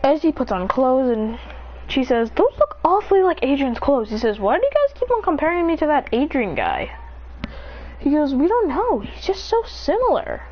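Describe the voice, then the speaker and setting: A woman rambles through a homemade story, her voice swinging widely as she speaks the characters' lines higher than her narration. Her voice sits a bit high for a woman. The recording is dull and lo-fi, with a faint hiss behind her. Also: wildly swooping pitch, moderate pace.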